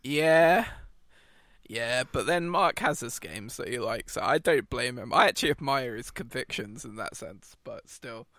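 Gravelly British man, lively and jokey. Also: medium pitch, measured pace, no echo, clean studio sound. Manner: jokey, laughs often. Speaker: podcast co-host. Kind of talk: casual podcast chat.

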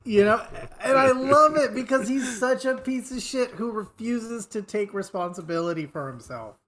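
A man appears as a guest on a casual podcast and jumps in eagerly to quote favorite movie lines. His voice moves around a lot in pitch. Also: animated, normal speed, fairly bright tone.

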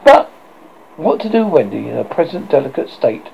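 A man reading a storybook aloud as narrator, with an expressive, animated delivery. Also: a little high, moderate pace, gravelly. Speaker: audiobook reader. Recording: muffled with faint hiss.

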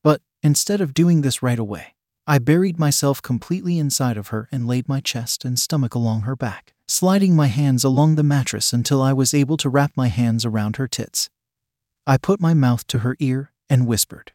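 A man narrates a first-person adult story at an even, deliberate pace. His voice sits in a middle register. The recording is close and dry, with no room around it. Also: mid-range voice, no echo.

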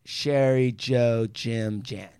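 A man's voice: extremely slow, clean tone, no echo, studio quality. A man hosting a podcast, telling profane family stories in casual chat and acting out relatives' lines. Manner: animated, profane, acts out relatives in shrill voices. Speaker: podcast host.

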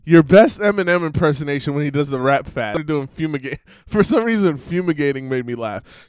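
Male host, high voice, loose ranting commentary with laughs. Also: expressive, a little fast, few pauses, clean tone, dry recording. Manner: rambling, laughs between thoughts. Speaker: podcast host. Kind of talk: casual commentary.

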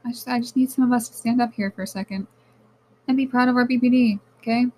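A young woman hosting her own podcast, speaking in a candid, animated, casual monologue that often turns to swearing. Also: fairly high pitch, fast talker, rough recording. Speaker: podcast host.

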